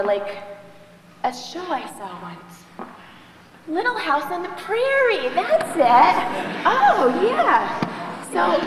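A woman's voice: very high-pitched, exaggerated voice. A young woman playing a gushing spoiled freshman. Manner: gushing, self-absorbed, talks on and on. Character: chatty spoiled female college freshman moving in. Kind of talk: live stage skit. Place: large hall, on stage. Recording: echoey hall from far off, noisy.

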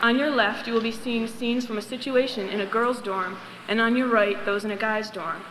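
A young woman working as a resident assistant, introducing a skit to an audience with a measured, formal announcement. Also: on the high side, steady tone, a bit bright. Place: large hall, on stage. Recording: echoey hall, noisy.

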